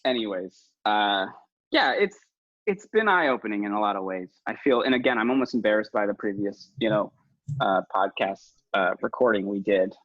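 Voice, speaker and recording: A man with a husky, breathy voice talks through a casual podcast chat, rambling and self-mocking, and he often restarts and laughs. The recording is dull and lo-fi, with a very dry sound and no room. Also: lowish voice, expressive, normal speed, dry recording. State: new father. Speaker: podcast guest.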